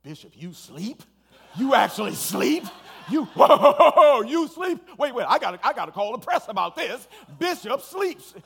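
A man voicing a male friend who teases him in loud, laughing disbelief. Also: extremely high pitch, sing-song, measured pace, creaky, slightly rough, voice pushed up, exaggerated voice. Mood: amazed teasing. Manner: laughing, loud, mock-astonished.

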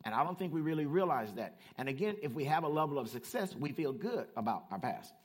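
A man preaching a lively sermon, swinging between loud, emphatic lines and quieter explanations. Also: quick pace. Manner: animated, swings from shouting to low asides.

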